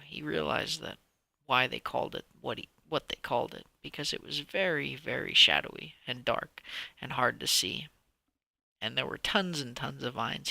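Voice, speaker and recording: A man telling a children's story out loud, animated, sometimes dropping to a whisper and restarting sentences. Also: mid-range voice, vocal fry, no room sound. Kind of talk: improvised bedtime story reading.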